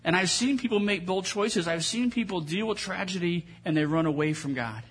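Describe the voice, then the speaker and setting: Male pastor, fairly high husky voice, preaches in a conversational storytelling way. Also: fairly quick, a bit bright. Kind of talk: sermon.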